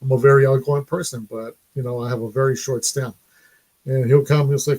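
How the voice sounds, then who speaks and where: A man's voice: mid-range voice, fairly even intonation, fairly quick, darkish tone. Chatty middle-aged man streaming live. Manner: chatty, laughs often. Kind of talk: casual live stream chat.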